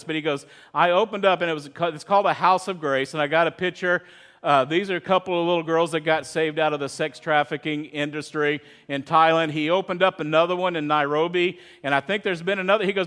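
A man's voice: high-pitched, a bit bright, clear, resonant tone. A middle-aged male pastor preaching a sermon in a conversational, storytelling way, acting out quotes as he goes.

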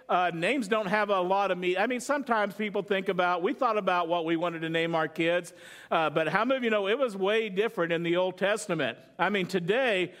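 A man's voice: high voice, fairly bright tone. A man preaching a sermon to a congregation in a loose, conversational way, joking and asking them questions. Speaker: pastor.

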